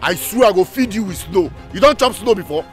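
An actor with a Nigerian Pidgin English accent playing a brash, streetwise young man who talks loud and mocking. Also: sits high, lively intonation, fairly quick, soft background music. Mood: angry. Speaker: actor in a comedy film. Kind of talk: film comedy acting.

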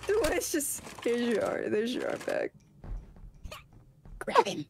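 A woman's voice: a little high, big pitch swings, slow pace, creaky, slight background noise, heavily acted. Woman playing a taunting demon granny. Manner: giggly, taunting, swings between whispers and shrieks. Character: creepy demon granny hunting her grandson. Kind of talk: playful game role-play.

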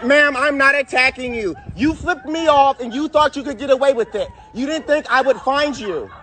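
A man's voice: extremely high pitch, moderate pace, bright, forceful tone. A man filming on a phone, insistently questioning a woman who offended him. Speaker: confronting driver filming.

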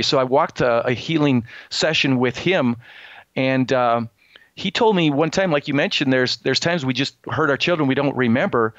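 A middle-aged man talks earnestly about his own life, pausing and restarting as he searches for words. The recording is dry and a little dull, like lo-fi audio. His pitch sits in the middle range. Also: a bit bright, no echo. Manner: earnest, halting, many restarts and fillers. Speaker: guest. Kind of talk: interview, personal testimony. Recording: slightly dull, lo-fi sound.

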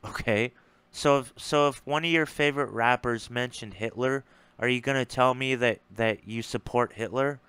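Frustrated ranting man, smooth voice. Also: medium pitch, normal speed, fairly bright tone, no echo. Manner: frustrated, blunt and profane, repeats words. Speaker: streamer responding to a debate. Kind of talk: casual ranting monologue.

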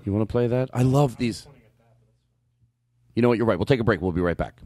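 A man hosting a comedy podcast, excitable and playful in his banter. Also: fairly low pitch, moderate pace. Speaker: podcast host.

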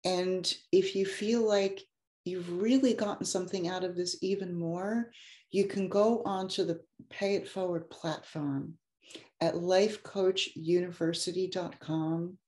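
A woman's voice: lowish voice, steady tone, measured pace, a little mellow, roomy sound. A woman life coach giving an effusive, heartfelt motivational talk to an online audience. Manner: effusive and heartfelt, gets emotional.

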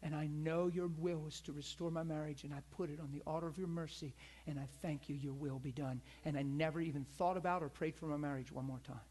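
Husky man preaching a sermon. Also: a little high, fairly even intonation, quick pace, hardly any pauses, darkish tone. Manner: conversational storytelling with call-outs to the congregation.

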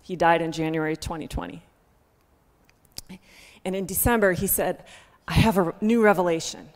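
A woman giving an emotional church testimony into a microphone. She is heartfelt, laughs often and speaks loudly. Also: on the low side, normal speed. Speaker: guest speaker sharing a ministry testimony. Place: church sanctuary. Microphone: handheld microphone. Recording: long reverb of a church hall.

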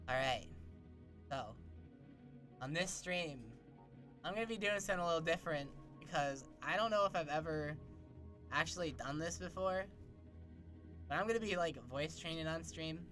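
A rambling male streamer with a bright, forward voice sitting a touch above the usual male range. He talks loosely to his viewers through a desk mic with faint music behind him, and he swears often as his thoughts wander. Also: a little high, moderate pace, long pauses. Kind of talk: casual live-stream chat. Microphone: desk microphone.

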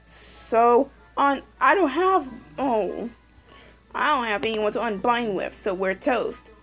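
A young woman commentating her puzzle game casually, excitable, yelling at the game and repeating "no" over and over. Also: on the high side, takes it slowly, soft background music, poor audio. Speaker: gameplay commentator.

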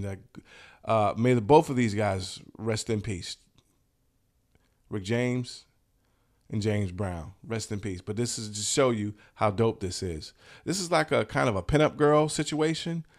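Man, mid-pitched voice, casual host, slangy, enthusiastic, relaxed. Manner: relaxed, slangy and enthusiastic, repeats "dope", swears. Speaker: host of a t-shirt business channel. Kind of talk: casual talk showing shirt designs.

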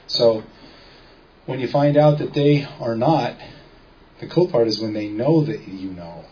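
A man's voice: mid-range voice, a little slow, a little mellow, dull audio, a little hiss or hum. A man giving an informal talk to a small audience, often checking in with listeners as he explains. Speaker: seminar speaker.

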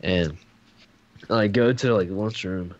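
A man's voice: low voice, a little slow, lo-fi sound. A young man telling a rambling story in casual chat, swearing often and full of fillers. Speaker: podcast co-host.

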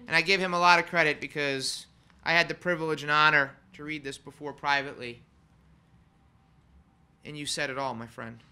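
A man serving as funeral celebrant, giving an earnest, heartfelt eulogy in a conversational manner with pauses. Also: a little high, steady tone, sharp tone. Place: funeral home chapel.

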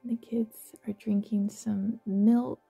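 Warm gravelly-voiced woman guiding a visualization. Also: medium pitch, flat delivery, faint music behind. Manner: soft, slow and affectionate, with gentle laughs. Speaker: meditation guide. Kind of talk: guided visualization narration.

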